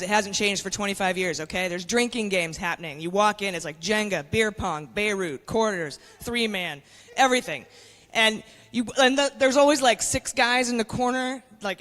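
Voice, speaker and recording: A woman's voice: mid-range voice, fairly bright tone, long reverb tail. A woman in her forties performing a stand-up comedy set, brash and conspiratorial, talking straight to the crowd on a club stage with a handheld mic. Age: 40s.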